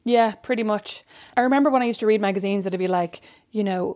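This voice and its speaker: An Irish woman co-hosting a podcast, trading quick, teasing banter in casual chat. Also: medium pitch, steady tone, a little mellow. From Ireland. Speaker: podcast co-host.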